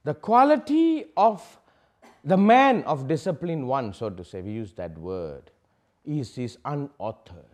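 A man giving a public spiritual talk, asking rhetorical questions and swinging from loud declarations to hushed asides. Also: mid-range voice, very animated, a little slow. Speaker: spiritual teacher.

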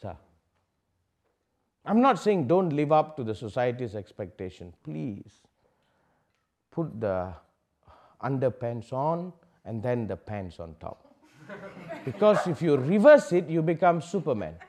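Man teaching spirituality to a crowd, voice jumps all over, goes loud then drops to a hush. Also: medium pitch, very animated, unhurried, long pauses. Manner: rhetorical questions, dramatic swings from loud to hushed. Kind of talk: public spiritual talk. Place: public talk to audience.

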